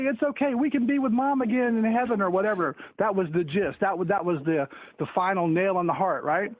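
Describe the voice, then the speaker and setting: A man's voice: high-pitched, no echo. A man calling in to a talk show, rambling casually with lots of stumbling restarts and jokes. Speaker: caller. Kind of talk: casual call-in chat. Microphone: phone call. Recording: tinny phone line, dry.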